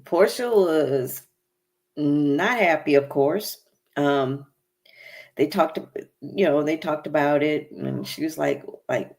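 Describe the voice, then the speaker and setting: Slow, low-voiced woman recapping TV. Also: expressive, darkish tone. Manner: chatty, opinionated, many fillers. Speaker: recap show host. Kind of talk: casual reality TV recap.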